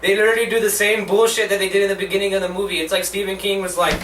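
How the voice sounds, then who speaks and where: High, bright-voiced young man ranting. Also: fast talker, hardly any pauses, soft background music. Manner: profane, rambling, heavy use of "like". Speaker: movie reviewer, show host. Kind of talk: casual ranting movie review. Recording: roomy echo, mic at a distance.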